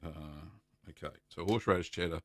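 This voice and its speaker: A middle-aged Australian man hosting a casual live stream, chatty and relaxed, greeting viewers by name and filling pauses with ums. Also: deep voice, dry recording. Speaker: livestream host answering cheesemaking questions.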